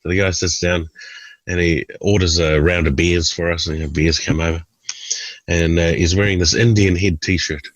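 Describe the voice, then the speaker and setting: A man in his forties, a stand-up comedian, telling anecdotes in an animated way as a guest. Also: sits low, normal speed, no echo, rough recording. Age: 40s. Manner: animated, does voices for characters. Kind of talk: storytelling anecdotes.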